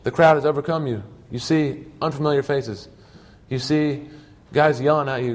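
A man's voice: medium pitch, fairly even intonation, normal speed, hardly any pauses. A man preaching a sermon, telling stories earnestly in short emphatic phrases.

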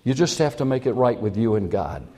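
A man's voice: mid-range voice, expressive, brisk, warm tone. A man preaching a sermon, telling a personal story in a chatty, self-mocking way and chuckling at his own jokes.

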